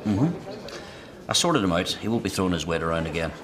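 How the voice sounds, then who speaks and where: A man's voice: deep voice, expressive, brisk, crowd noise. An actor playing a guarded, sardonic man in prison. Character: man in prison, gruff and defensive.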